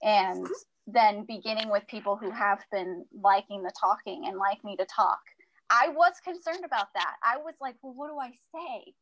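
A woman talking as a guest in a casual chat, hesitant and halting. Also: mid-range voice, a bit bright, no room sound, poor audio.

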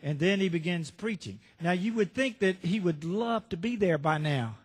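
Male pastor, sermon storyteller, high voice; reverberant sanctuary. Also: lively intonation, normal speed, husky. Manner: storytelling, rhetorical questions to the congregation. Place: church sanctuary. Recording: reverberant church hall.

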